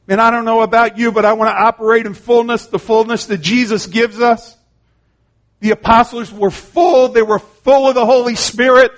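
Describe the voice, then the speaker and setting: Man, preacher, sermon, high-pitched voice, earnest, conversational, restarts. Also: little pitch movement, fairly quick.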